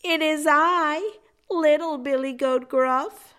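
A woman voicing a small, timid young billy goat who pleads in a squeaky voice. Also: takes it slowly, a bit bright. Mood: pleading.

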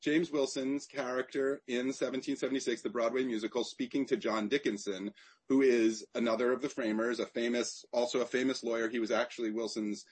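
Male author guest, husky voice, animated storyteller who restarts his phrases. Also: medium pitch, brisk. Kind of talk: conversational interview.

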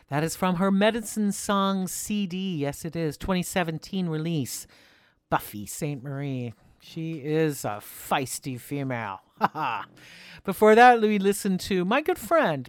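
A woman's voice: lowish voice, dry recording, studio quality. A woman hosting a community radio music show, chatting casually and enthusiastically between songs with the odd laugh. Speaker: radio host.

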